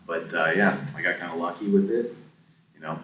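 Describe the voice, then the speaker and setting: A man's voice: low-pitched, steady tone, a little fast, fairly bright tone, a little hiss or hum. A man casually telling a long story as a podcast guest, acting out both sides of the conversations he recounts. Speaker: podcast guest, former gym owner. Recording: echoey room, somewhat distant mic.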